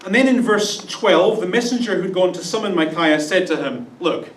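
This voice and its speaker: Canadian male pastor, conversational sermon, high voice, roomy distant sound. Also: normal speed. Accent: Canadian English. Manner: conversational, asks the congregation questions. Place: church sanctuary.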